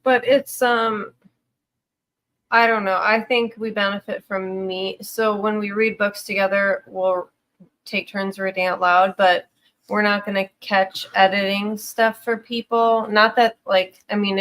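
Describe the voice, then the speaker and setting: A woman's voice: mid-range voice, fairly even intonation, unhurried, fairly bright tone. A woman co-hosting a casual podcast, chatty and hesitant, often trailing off mid-thought. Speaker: podcast co-host.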